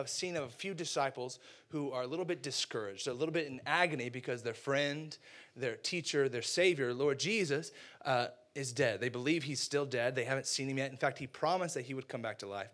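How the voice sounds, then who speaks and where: Slangy, animated young male preacher. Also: a little high. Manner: animated storyteller, acts out quotes, slangy asides. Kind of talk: casual sermon.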